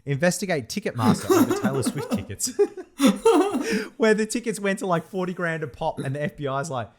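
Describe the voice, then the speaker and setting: A man's voice: high-pitched, fairly quick. A young man co-hosting a casual podcast chat, laughing often as he talks. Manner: laughs often, animated, says "mate" a lot. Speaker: podcast co-host.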